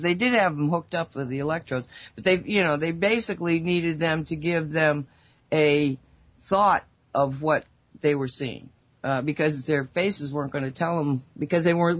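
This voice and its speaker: On a relaxed spiritual talk show, a woman co-hosting the radio program rambles animatedly through stories with plenty of asides. Her pitch is fairly low, and she is heard through an online call mic.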